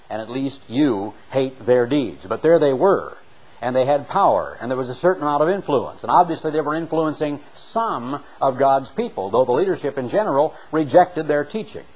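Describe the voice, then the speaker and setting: A man's voice: mid-range voice, darkish tone, low-quality recording. A middle-aged man preaching a sermon, reading scripture aloud and stressing key words with rising and falling emphasis.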